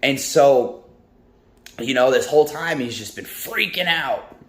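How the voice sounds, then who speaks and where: A man's voice: medium pitch, expressive, a little slow. Rambling man retelling a Bible story. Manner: rambling, full of ums and restarts. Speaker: speaker of a devotional talk. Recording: roomy echo, faint music.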